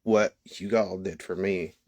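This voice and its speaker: Low-voiced man giving an emotional testimony. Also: steady tone, a little mellow, dry recording. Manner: halting, many restarts and pauses. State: emotional, holding back tears. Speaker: testimony speaker. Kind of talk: personal testimony.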